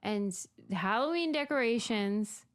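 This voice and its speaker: A woman's voice: fairly high pitch, animated. A woman hosting a podcast in casual chat, enthusiastic and teasing. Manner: enthusiastic, teasing, quick laughs. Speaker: podcast host.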